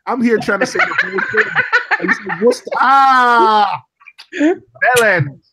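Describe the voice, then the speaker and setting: A man from Jamaica hosting a casual group chat, talking in an animated, baffled way with lots of laughter. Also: very high voice, fast talker, vocal fry, a little hiss or hum. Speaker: host.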